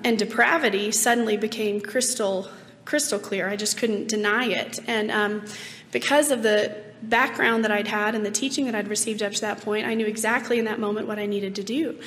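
A hoarse woman in her late twenties giving an earnest, reflective personal faith testimony, with many ums. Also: mid-range voice, a bit bright. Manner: earnest and reflective, with frequent ums and light laughs. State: hoarse, rough-voiced. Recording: long reverb, faint background noise.

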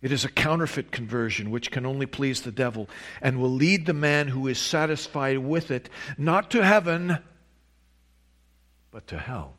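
A man's voice: mid-range voice, expressive, normal speed, fairly bright tone. A man preaching a sermon, reading a long quotation and stressing key words with emphatic rises. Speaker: pastor.

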